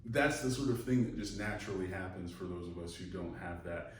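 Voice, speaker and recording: A man's voice: sits low, brisk. Lecturing man in an echoey room. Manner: conversational, digressive, acts out quoted voices. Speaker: psychology lecturer. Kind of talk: recorded online lecture. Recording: echoey room, mic far off, faint noise.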